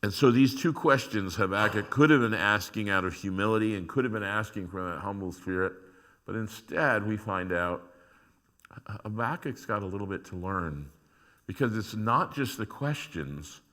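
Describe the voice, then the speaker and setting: Bright, animated man preaching a sermon. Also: lowish voice, normal speed. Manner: acts out prayers and complaints to God in dramatic voices; rises from quiet reflection to loud emphasis. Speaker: pastor.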